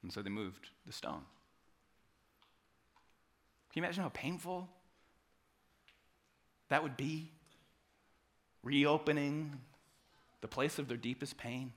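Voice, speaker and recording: A man preaching a sermon, moving from hushed, quiet passages to loud, animated retellings. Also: a little high, slow, long pauses. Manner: dynamic preaching, drops to soft quiet passages and rises to loud acted quotes. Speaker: pastor.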